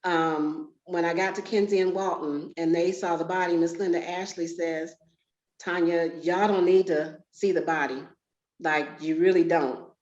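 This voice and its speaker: Woman, forties, candid storyteller, lowish voice, echoey lo-fi room sound. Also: steady tone, unhurried, darkish tone. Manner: candid, conversational, emotional at times. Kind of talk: personal storytelling. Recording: roomy, dull lo-fi sound.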